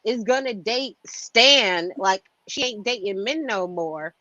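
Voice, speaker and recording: A woman's voice: mid-range voice, animated, takes it slowly, sharp tone, no room sound, dull audio. A woman co-hosting a TV review chat, talking in a casual, emphatic way. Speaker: co-host.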